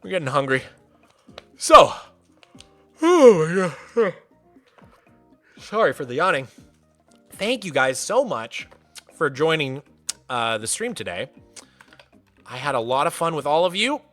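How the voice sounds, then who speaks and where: A high, bright male voice that leaps all over the place as he chats casually with his live audience. He is playful and quick to laugh, and he warmly welcomes viewers by name. Faint music plays softly behind him. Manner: animated, playful, laughs often; soft baby talk to his cat. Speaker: streamer. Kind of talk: casual livestream chat.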